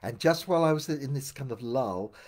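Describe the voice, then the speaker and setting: An older man telling his memoir aloud, meandering with many restarts and dropping quieter for asides. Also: animated, brisk. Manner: meandering, full of restarts, drops low for asides. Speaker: memoir narrator. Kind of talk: rambling spoken memoir storytelling.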